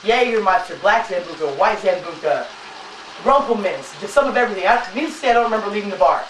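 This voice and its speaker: A woman hosting her own cooking show, chatting loosely with many filler pauses as she tells a story while she cooks in her kitchen. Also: medium pitch, lively intonation, recorded from a distance. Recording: roomy sound, voice off-mic, faint noise.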